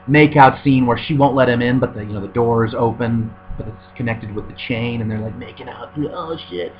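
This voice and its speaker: A man giving a sarcastic, profane, rambling review of a film in casual chat, full of fillers. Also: mid-range voice. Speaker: movie reviewer. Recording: dull recording with faint hum.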